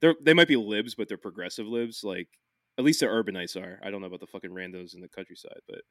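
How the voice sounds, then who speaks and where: A man's voice: fairly low pitch, fast talker, a bit bright, dry recording, studio quality. Rambling man. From Philadelphia, USA. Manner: rambling, swears freely, many restarts. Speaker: podcast host. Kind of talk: casual podcast chat.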